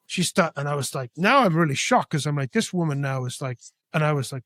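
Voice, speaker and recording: Animated man raised in Spain. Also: on the high side, moderate pace, no room sound. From born in Britain, raised in Spain. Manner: animated, acts out dialogue. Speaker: guest artist. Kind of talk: storytelling interview.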